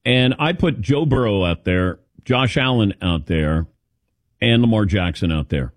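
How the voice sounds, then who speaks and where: A man hosting a sports talk show, asking questions with animated, halting delivery and repeated words. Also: fairly low pitch, dry recording. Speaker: sports radio host.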